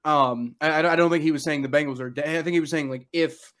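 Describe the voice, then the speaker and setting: A young man hosting a casual sports podcast, talking excitedly and rambling with many restarts. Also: on the high side, fast. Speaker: podcast host.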